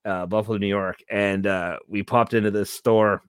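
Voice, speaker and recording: Laughing, swearing Canadian man, low voice. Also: flat delivery, moderate pace, clear, resonant tone, no echo, studio quality. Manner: laughs often, swears, tells anecdotes. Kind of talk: casual chat.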